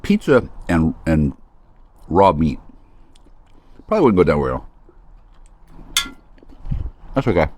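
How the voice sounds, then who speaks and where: A man's voice: very deep voice, wildly swooping pitch, takes it slowly, pauses often, a little mellow. A man hosting a solo talk stream, rambling in a crude, sardonic way. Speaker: host.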